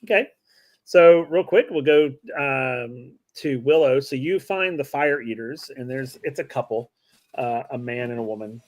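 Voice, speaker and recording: A man's voice: mid-range voice, unhurried. A man narrating a tabletop game as game master, casual and hesitant with many fillers.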